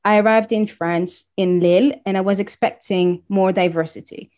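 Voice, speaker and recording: A woman's voice: medium pitch, steady tone, normal speed, darkish tone. A woman from Congo telling a personal story in casual conversation, acting out the voices of people she quotes.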